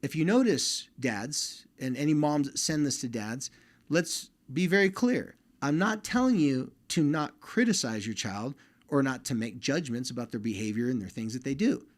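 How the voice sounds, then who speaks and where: Male podcast host, mid-pitched, casual and direct advice to dads. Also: lively intonation, normal speed. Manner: direct and conversational, speaking straight to listening dads.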